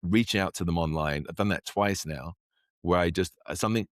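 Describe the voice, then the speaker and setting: A man with an English accent, a podcast guest, chatting casually in a rambling, animated way. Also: low-pitched, brisk, dry recording, clean studio sound. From England. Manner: rambling, animated storyteller who acts out quotes. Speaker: podcast guest, actor and magician. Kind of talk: casual interview chat.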